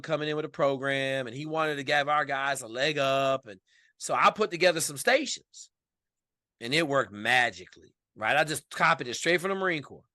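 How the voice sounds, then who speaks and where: A man with a bright, forceful voice pitched a little high tells stories on a podcast. His delivery is emphatic, colloquial and animated. The sound is dry and close. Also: no echo. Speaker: podcast guest. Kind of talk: casual storytelling interview.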